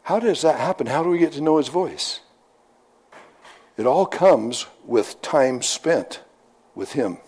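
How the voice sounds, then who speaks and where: A man's voice: fairly high pitch, expressive, unhurried, long pauses, darkish tone, slightly rough. A middle-aged man preaching a sermon in a folksy, conversational storytelling manner, often repeating his phrases.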